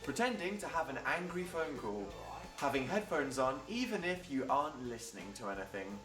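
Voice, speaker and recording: A man riffs through a self-deprecating comedic vlog in a dry, sarcastic tone. His voice sits a touch high. The room sounds echoey, with faint music playing underneath. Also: very animated, normal speed, far from the mic. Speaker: vlogger.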